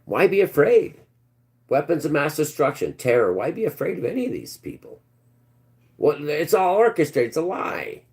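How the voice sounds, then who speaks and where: A man's voice: on the high side, wildly swooping pitch, moderate pace. Ranting man on a live stream. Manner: preachy, ranting, swings between loud and muttered.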